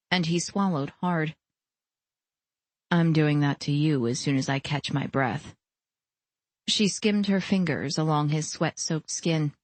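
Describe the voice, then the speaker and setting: A woman narrating a romance audiobook with soft storytelling. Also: fairly low pitch, no echo. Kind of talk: scripted narration.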